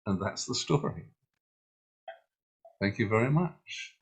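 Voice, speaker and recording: Playful, animated male storyteller. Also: fairly low pitch, slow pace, husky. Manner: playful, animated, with mock drama. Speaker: storyteller and event host. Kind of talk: storytelling to an online audience.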